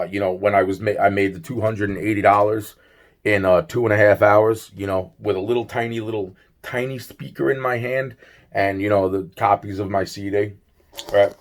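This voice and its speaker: Rambling, low-voiced man telling a story. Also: steady tone, moderate pace. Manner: rambling, repetitive, full of "you know" and "blah blah blah", swears freely. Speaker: vlogger. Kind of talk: casual rambling storytelling to camera.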